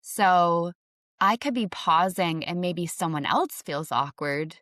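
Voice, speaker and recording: Lady coach doing a chill advice vlog, kinda low voice, says like a lot, dead dry sound. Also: slow pace, no echo. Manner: chatty and relaxed, frequent "like" fillers. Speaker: confidence coach.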